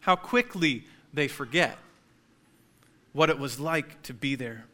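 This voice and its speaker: A man's voice: medium pitch, animated, slow, sharp tone. A man preaching a sermon in a conversational way, joking now and then with his congregation. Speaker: pastor.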